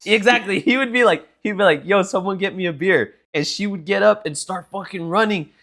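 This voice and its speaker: A young man co-hosting a podcast, telling an animated, profane story in casual chat. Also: high-pitched, brisk. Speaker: podcast co-host.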